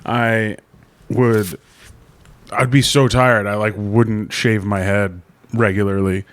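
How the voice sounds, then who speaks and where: A man's voice: fairly low pitch, steady tone, slow, no room sound. A man in his forties co-hosting a casual podcast, laid-back and dry in his replies. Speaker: podcast co-host. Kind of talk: casual comedic chat.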